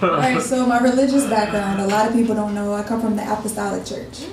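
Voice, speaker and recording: A woman's voice: mid-range voice, fast talker, a crowd in the background. A young woman in casual conversation, telling her personal story and acting out the dialogue as she speaks. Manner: animated, acts out quoted dialogue. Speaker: interview guest. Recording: echoey room from far off, faint noise.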